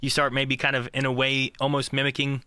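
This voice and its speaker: A man's voice: medium pitch, monotone, a little fast, sharp tone, clean tone, no room sound, studio quality. A man co-hosting a podcast in casual chat, rambling with many fillers and restarts. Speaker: podcast co-host.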